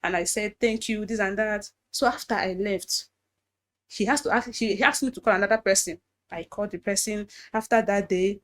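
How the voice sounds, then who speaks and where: A woman with a Nigerian accent, a native Igbo speaker, giving a personal testimony in a halting way, often restarting and repeating phrases. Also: mid-range voice, steady tone, fairly bright tone. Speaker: guest telling her story.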